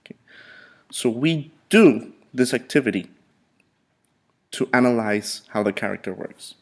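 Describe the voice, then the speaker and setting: A man teaching a word-of-the-day vocabulary lesson to students, repeating words slowly and checking in often. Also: medium pitch, animated. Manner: slow, repetitive drilling with frequent "okay".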